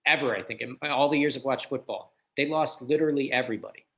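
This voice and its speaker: A man's voice: mid-range voice, fast talker, fairly bright tone, poor audio. A man on a podcast, giving emphatic, opinionated takes in casual sports chat.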